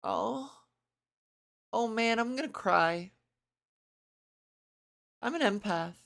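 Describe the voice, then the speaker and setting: A woman's voice: fairly high pitch, expressive, slow, vocal fry, pauses often, fairly bright tone. A woman in a casual reaction commentary, chatty and self-mocking, swearing now and then while she reads aloud and reacts. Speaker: video creator.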